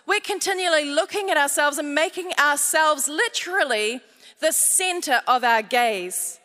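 An Australian woman pastor preaches with lively humor, turning her family stories into lessons and drawing answers from the congregation. Her voice sits high and bright, and it rings out through the long reverb of a large hall. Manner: humorous storytelling with audience call-outs. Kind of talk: sermon.

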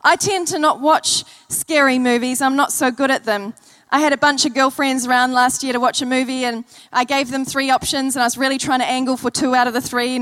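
A woman's voice: high-pitched, a bit bright. A woman preacher delivering an earnest sermon to a church congregation, telling stories and repeating key phrases. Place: church service.

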